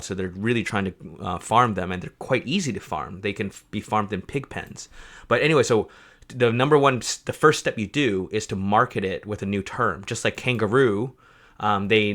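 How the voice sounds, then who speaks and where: Young male livestream host, low-ish voice, bright edge, chatty and stumbling with frequent fillers. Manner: rambling, many fillers and self-corrections. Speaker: project co-creator presenting a map. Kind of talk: livestream chat explaining a map.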